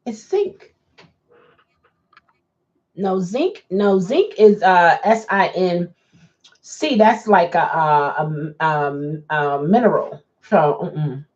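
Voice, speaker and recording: Woman, casual live-stream chat, unhurried talk, dull lo-fi sound. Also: on the low side, darkish tone. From Baltimore. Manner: chatty, reads comments aloud, laughs often. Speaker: rideshare driver and live streamer.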